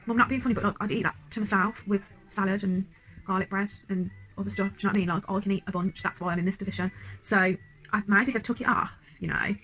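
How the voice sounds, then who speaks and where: A woman's voice: medium pitch, steady tone, fast, a bit bright, low-quality recording. A young woman vlogging at home, chatting in a rambling, self-deprecating way while reviewing a meal. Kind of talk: casual food review chat.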